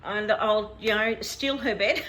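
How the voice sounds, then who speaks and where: A woman's voice: medium pitch, a little slow, a bit bright. A middle-aged woman, chatting casually as a vlog host and laughing often as she tells a story. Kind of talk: casual chat.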